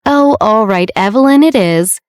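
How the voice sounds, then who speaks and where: A woman's voice: medium pitch, animated, normal speed, dry recording, studio quality, pitched above the performer's own voice, natural voice. A woman voicing a sassy, proud young heiress who turns sweet or tart at will, in an audiobook reading. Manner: sweet on the phone, tart and facetious.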